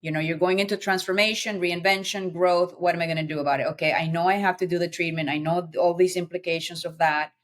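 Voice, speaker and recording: A middle-aged woman, a podcast guest, telling her personal story in an earnest, animated way with many fillers. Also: lowish voice, quick pace, hardly any pauses.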